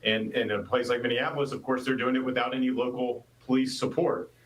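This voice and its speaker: A man speaks in a television interview clip played during the stream. His pitch is ordinary and his delivery is steady and deliberate. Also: a little hiss or hum, rough recording.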